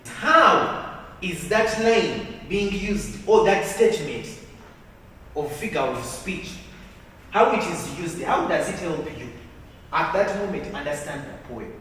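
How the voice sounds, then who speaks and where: A man's voice: sits high, expressive, slow, fairly bright tone. A male literature teacher giving a lecture. He repeats his points and keeps checking in with "okay?" and "hmm?". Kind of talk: classroom lecture. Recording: echoey hall, distant mic, faint hiss.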